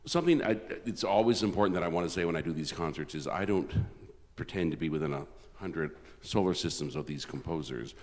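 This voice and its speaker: The voice is deep and darkish, moving along fairly briskly: a Canadian concert organist speaking in a large church with long reverb. He keeps it chatty and self-deprecating, frequently restarting his sentences.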